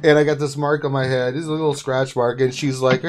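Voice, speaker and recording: A man hosting a casual livestream chat, telling stories in an excitable way and laughing often. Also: medium pitch, fairly quick, slight background noise. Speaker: host.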